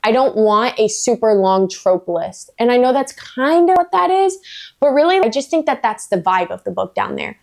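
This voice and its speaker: A woman's voice: on the high side, expressive, moderate pace, vocal fry. Blunt, swearing woman book vlogger. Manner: blunt, emphatic, swears freely; playful, self-mocking asides. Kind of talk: casual vlog rant.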